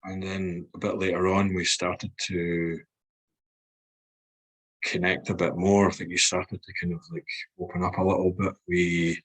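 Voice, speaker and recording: Man, Scottish accent, podcast guest, deep, husky, open and reflective. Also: monotone, a little slow, rough recording. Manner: frank and reflective, swears freely. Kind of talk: candid podcast conversation.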